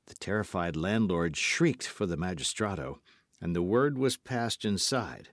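A man narrating an audiobook with lively, dramatic storytelling. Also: deep voice, a little slow, no room sound, clean studio sound. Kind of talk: scripted narration.

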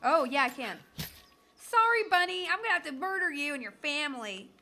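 A woman's voice: high-pitched, big pitch swings, fast, bright, forceful tone. A woman from the southern United States giving chatty, jokey commentary while playing a video game. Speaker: gaming streamer. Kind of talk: casual gameplay commentary.

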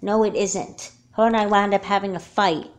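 A woman's voice: mid-range voice, fairly even intonation, moderate pace, natural voice. A woman voicing an earnest, chatty young girl in a homemade doll movie, talking in long explanations. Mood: upset.

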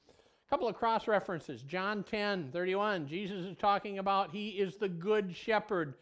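A man preaching a sermon as a pastor. He swings between loud exclamations and a hushed, low voice. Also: normal speed, clear, resonant tone.

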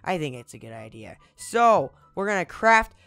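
A young man giving goofy let's play commentary, exclaiming loudly and slipping into whispered sneaky asides. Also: a little high, very animated, normal speed, creaky, faint music behind. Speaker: gaming video host.

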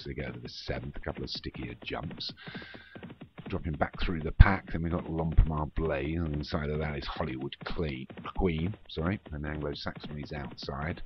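A man calling a horse race for an online game league, running through the field horse by horse. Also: very deep voice. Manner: rapid running race call, names horses in order. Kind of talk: live race commentary. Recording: muffled with steady background noise.

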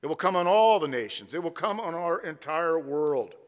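A pastor preaching a sermon with emphatic delivery and rhythmic repetition. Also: male voice, a little high, lively intonation, normal speed. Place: church sanctuary. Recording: long church reverb.

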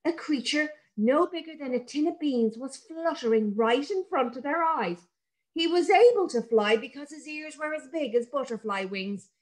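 A woman reading a picture book aloud to young children, warm and expressive. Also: high-pitched, moderate pace.

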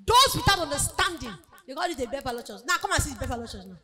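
High bright-voiced woman preaching. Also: expressive, very fast. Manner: emphatic preaching, acts out quoted voices. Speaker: speaker at a women's conference. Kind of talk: motivational sermon.

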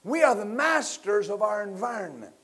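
A man preaching a sermon as pastor, building to loud emphatic bursts and leading his listeners in call-and-response. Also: sits high, sing-song, moderate pace, slightly rough.

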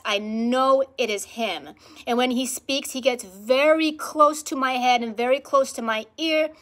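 A woman speaking to camera in a vlog, telling a personal spiritual experience in an animated, emphatic way and repeating words for emphasis. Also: sits high. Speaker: spiritual practitioner vlogger.

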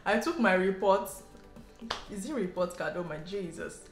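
A woman's voice: mid-range voice, normal speed. Chatty Nigerian woman vlogger, roomy echo. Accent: Nigerian English. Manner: chatty and animated, with laughs and local slang. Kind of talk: casual storytelling to camera. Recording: roomy echo, faint background music.

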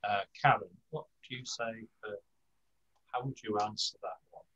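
An older man teaching a Spanish class over a video call, talking slowly with many fillers and restarts. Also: on the low side, fairly bright tone, muffled recording. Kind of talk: online language lesson.

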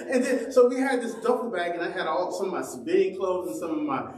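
Male pastor, high voice, animated storyteller, laughing often, roomy church echo, distant mic. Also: moderate pace. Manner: animated, laughing storyteller who acts out quotes. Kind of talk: sermon with personal storytelling. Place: church sanctuary.

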